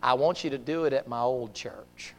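A man voicing a frail but feisty elderly woman near death, speaking softly and bluntly. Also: mid-range voice, normal speed, gravelly, voice pushed down. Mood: frail, firm. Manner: soft, blunt and scolding. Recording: long hall reverb.

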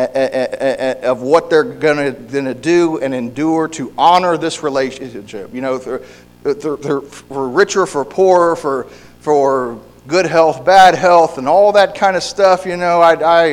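A man preaching a sermon in a conversational way, often repeating words and briefly acting out the people he quotes. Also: on the high side. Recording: hall reverb.

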